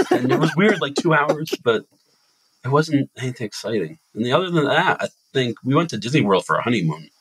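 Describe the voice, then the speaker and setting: Husky man telling a rambling story. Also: medium pitch, fairly quick, no room sound, poor audio. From Massachusetts. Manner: rambling animated storytelling with restarts. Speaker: podcast host telling a story. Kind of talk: casual chat.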